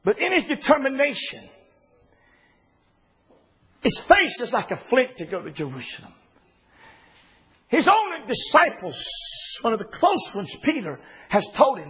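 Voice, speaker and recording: A man preaching a sermon in an impassioned style, often rising to shouts and dropping low for quoted words. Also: wildly swooping pitch, unhurried, pauses often, husky.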